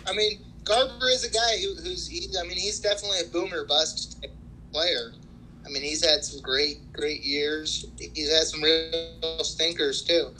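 A man chatting casually about his fantasy league, boastful and halting, with lots of restarts. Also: on the high side, fairly even intonation, sharp tone, faint music behind, rough recording.

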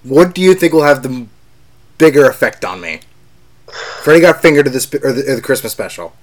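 A man's voice: mid-range voice, expressive, brisk. A young man in a casual podcast chat who laughs often and argues back with mock indignation. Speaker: podcast co-host.

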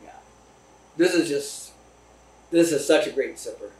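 A man guest in a casual tasting chat at a distillery, easygoing and agreeable, talking in halting phrases. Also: fairly high pitch. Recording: roomy, from a distance.

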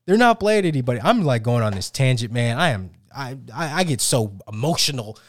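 Male co-host, animated ranter, mid-pitch, dry booth sound. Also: normal speed, pauses often, no room sound. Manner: animated, ranting, many restarts. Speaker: sports podcast co-host. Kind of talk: casual sports banter.

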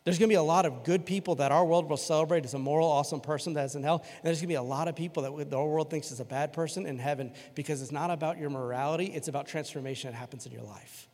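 A man preaching a sermon to his church in a casual, conversational way, switching between loud emphasis and quiet, earnest stretches. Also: fairly high pitch, rapid-fire, few pauses. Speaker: pastor. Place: church sanctuary. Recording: long hall reverb in a church.

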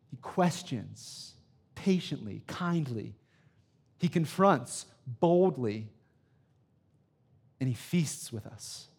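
A man's voice: medium pitch, a little mellow, slightly rough. A man in his thirties, a student pastor preaching a sermon with emphatic, repetitive phrasing, often checking in with "right?" and telling personal stories. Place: church sanctuary.

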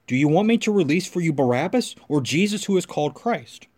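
A man's voice: a little high, animated, fairly quick, a little mellow. A man reading the lines of a male Roman governor who keeps pleading and questioning. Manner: questioning, insistent.

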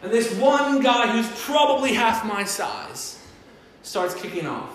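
A man's voice: very high-pitched, animated, unhurried, a bit bright, a little hiss or hum. A man preaching a sermon as pastor, telling stories animatedly and acting out the voices of the people in them. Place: church hall. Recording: roomy church hall sound.

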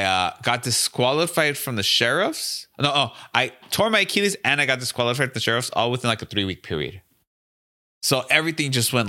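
A young adult man with a fairly low voice and a bright, forceful edge to his tone. He tells his story in a relaxed, profane way. He slips into quick impressions of the people he quotes. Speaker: podcast guest, gym owner. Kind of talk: casual storytelling.

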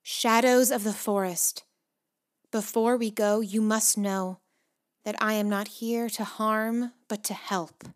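A proud young princess in a storybook makes a solemn, formal appeal, voiced by a woman narrator. She declaims in measured phrases and projects a little louder than plain reading. Her voice stays near the reader's own middle pitch. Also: steady tone, natural voice. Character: proud young princess speaking to forest shadows.

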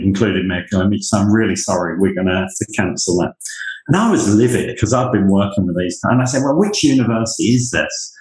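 A man from the United Kingdom, a university leader, telling lively anecdotes in conversation. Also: lowish voice, reverberant, low-quality recording. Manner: animated anecdotes, acts out quoted voices. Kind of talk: storytelling in conversation.

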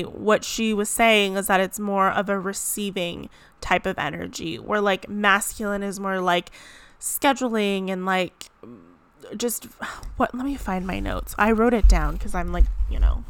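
A woman's voice: medium pitch, a bit bright, smooth. A woman vlogging in a casual, rambling chat, with lots of "like" fillers and self-corrections. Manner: chatty, rambling, frequent "like" fillers. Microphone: close mic.

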